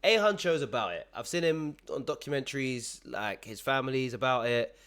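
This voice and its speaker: A man's voice: mid-range voice, lively intonation, normal speed, a bit bright. Slangy young man, bro after everything. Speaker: commentator. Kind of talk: casual reaction commentary.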